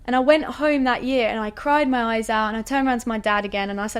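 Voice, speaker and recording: A woman's voice: on the high side, a little fast, few pauses, smooth. Chatty woman telling a story. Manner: animated, chatty, frequent "like" and "you know". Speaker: guest athlete. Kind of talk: casual storytelling interview.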